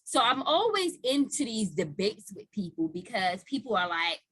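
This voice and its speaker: Woman, podcast host, casual chat, blunt and profane, bright tone. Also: medium pitch, very animated, normal speed, hardly any pauses, breathy edge. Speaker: parent.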